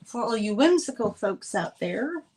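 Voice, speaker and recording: A middle-aged woman hosts a live online sale in a slightly high, sing-song, unhurried voice, with background noise present. She chats in a rambling, easygoing way as she shows items, laughing easily.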